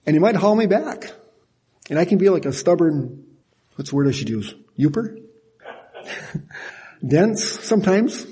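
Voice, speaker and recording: An older man gives a sermon, his tone folksy and animated, with small laughs at his own expense. His voice is husky and mellow, pitched a little high for a man. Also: unhurried, pauses often. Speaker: pastor.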